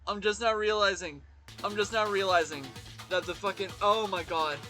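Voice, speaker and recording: Man, let's play streamer, emotional reactions, frequent swearing, higher voice, game music behind. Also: steady tone, moderate pace, sharp tone. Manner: openly emotional, swearing, exclaiming.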